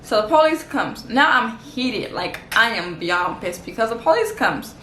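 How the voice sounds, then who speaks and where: A woman's voice: a little high, big pitch swings, moderate pace, bright, forceful tone, a little hiss or hum. A woman from Los Angeles telling a casual storytime vlog in a chatty, slangy way, saying "like" a lot. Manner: chatty, slangy, heavy use of "like". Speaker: vlogger. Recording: echoey room.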